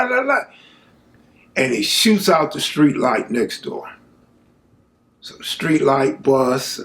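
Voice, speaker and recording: Telling a real event from his own life, this mid-range-voiced man keeps things casual and lively, peppering the story with street slang and remarks to the viewer.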